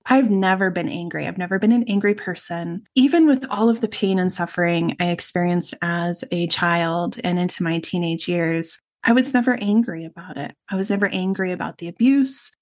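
A woman's voice: fairly low pitch, normal speed, few pauses, darkish tone. Earnest woman telling her story. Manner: reflective, earnest, speaks in long runs. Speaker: guest. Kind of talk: personal storytelling interview.

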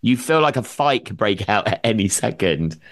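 Man, podcast host, lowish voice, chatty, tag questions, anecdotal. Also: animated, moderate pace, fairly bright tone. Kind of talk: casual interview chat.

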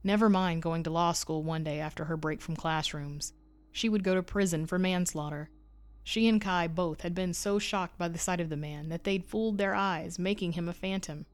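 Low-voiced woman narrating a horror story. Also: clear, resonant tone. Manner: measured, suspenseful storytelling. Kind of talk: scripted narration.

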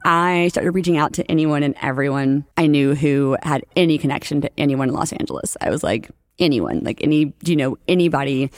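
A young woman from New Orleans, a podcast guest, telling lively stories in casual chat and acting out the lines of the people she quotes. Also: deep voice, a little fast, hardly any pauses, dry recording, studio quality. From New Orleans, USA. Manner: animated storyteller, acts out quotes, laughs often.

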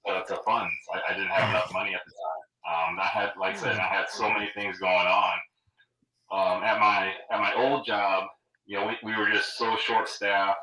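A middle-aged man talks casually as a show guest, pausing often with ums and restarting his sentences. His low voice has a bright, forceful edge. He sounds set back from the mic in a roomy space. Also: little pitch movement, a little hiss or hum. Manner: hesitant, many ums and restarts. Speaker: guest super fan. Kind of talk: casual chat. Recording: roomy echo, distant from the mic.

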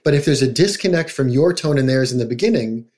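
A man's voice: mid-range voice, expressive, fast talker, a little mellow. A middle-aged man, a psychologist guest on a podcast, talking casually and now and then acting out quoted voices. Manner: conversational, acts out quoted voices.

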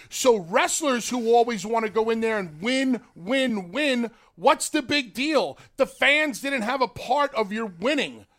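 A man's voice: high-pitched, fairly bright tone. A man co-hosting a casual talk show who tells stories emphatically and acts out lines in character. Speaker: podcast co-host. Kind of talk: casual chat.

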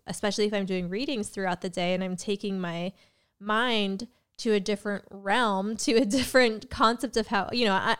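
Her voice is clear and resonant, sitting in the mid-range, as this young podcast host and tarot reader delivers a casual solo monologue about astrology. She's chatty and a bit rambling, interrupting herself, using fillers, and coughing slightly.

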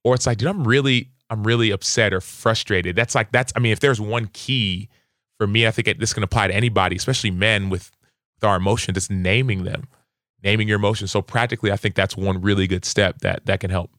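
A young adult man, a football player, telling earnest, animated stories as a podcast guest. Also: on the low side, fast, dry recording, studio quality. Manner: earnest, animated, lively acted-out quotes. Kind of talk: conversational interview storytelling.

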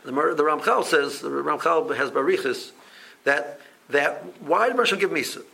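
Gravelly, bright-voiced man teaching. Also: a little high, low-quality recording. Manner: halting, many restarts and repeated words. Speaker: Torah teacher. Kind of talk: Talmud class lecture.

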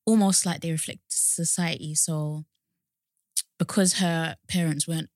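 A young woman co-hosting a podcast in casual chat, explaining things at length and getting animated when outraged. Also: low-pitched, a little slow, no room sound, studio quality. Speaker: podcast co-host.

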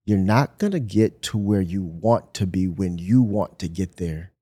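A man from Michigan, a pastor, telling an animated personal story in a podcast conversation and acting out the voices he quotes. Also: deep voice, measured pace, slightly rough.

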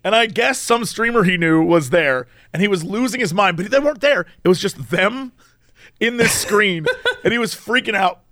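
A man's voice: high-pitched, animated, normal speed, pushed and bright, no echo, studio quality. A man in casual podcast chat, animatedly telling a story and acting out the quoted lines.

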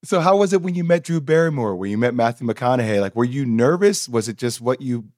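A man's voice: mid-range voice, expressive, a little fast, a little mellow, no echo, clean studio sound. A man hosting a radio interview, asking long conversational questions. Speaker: host.

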